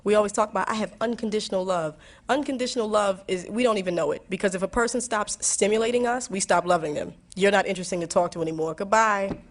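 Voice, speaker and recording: A young woman speaks candidly to a room of high school students, mixing stories with lessons. Her medium-pitched voice drifts between earnest reflection and playful asides. She laughs freely and restarts her sentences as she thinks. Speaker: guest speaker answering students.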